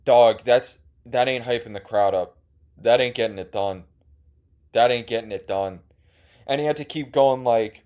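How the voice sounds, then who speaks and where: A man's voice: mid-range voice, measured pace, darkish tone. A young man telling a rambling, profane, sarcastic story as host of a casual comedy monologue, full of fillers.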